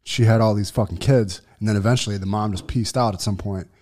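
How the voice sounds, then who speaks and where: A man's voice: fairly low pitch, fairly even intonation, fast, a little mellow. A man co-hosting a podcast, telling a story at an easy, laid-back pace. He swears often and talks plainly, without fuss. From Buffalo, New York. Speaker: podcast co-host.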